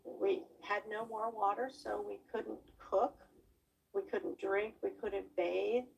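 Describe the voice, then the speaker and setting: Interview: older woman, former camp leader, husky and crackly, set back from the mic. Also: mid-range voice, level tone, far from the mic. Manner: slow, measured recollection. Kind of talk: documentary interview.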